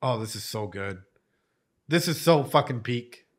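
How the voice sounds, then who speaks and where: A man's voice: mid-range voice, lively intonation, a little slow. Guy reacting to anime, emotional, swears a ton, laughs a lot, plain mid voice. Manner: swears freely, laughs a lot, heartfelt storytelling. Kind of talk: casual reaction commentary.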